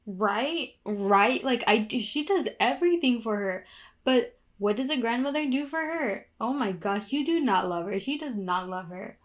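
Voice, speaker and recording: A woman's voice: on the high side, expressive, moderate pace. A young woman chatting casually in a reaction video, recapping in long rambling runs and getting worked up as she watches. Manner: gets worked up and indignant while watching.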